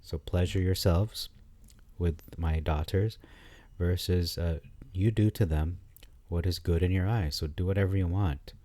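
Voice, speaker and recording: A man giving casual commentary on scripture, thinking aloud with frequent pauses, fillers and restarts. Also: deep voice, dark tone, no echo.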